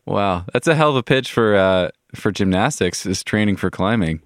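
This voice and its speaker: A man's voice: lowish voice, expressive, moderate pace, no room sound, clean studio sound. A man hosting a podcast, reacting often and asking long, thoughtful questions in casual chat. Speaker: podcast host.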